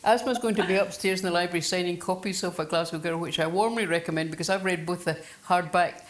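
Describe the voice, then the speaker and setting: A woman's voice: fairly low pitch, steady tone, quick pace. A woman chairing a live book festival talk, wry and teasing with her guest. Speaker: event chair. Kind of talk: hosting a live book event. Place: festival venue before an audience.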